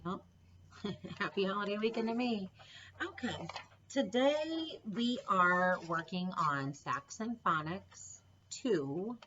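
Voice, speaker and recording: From a home classroom with a board, a woman patiently encourages children through a recorded phonics lesson, sounding out letters one at a time. Her mid-range voice is animated and slow, and the recording is muffled with background noise.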